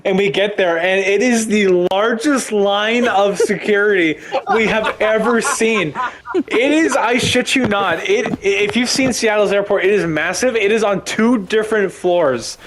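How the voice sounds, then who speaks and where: A man telling a story in casual gaming chat, animated, swearing and laughing often. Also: high voice, measured pace, crowd noise.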